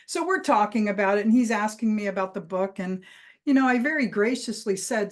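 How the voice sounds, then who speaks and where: A woman giving a motivational keynote, telling a personal story with lively emphasis and punchy phrasing. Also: medium pitch, a little fast. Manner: lively anecdotal delivery with vivid emphasis. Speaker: keynote speaker and trainer.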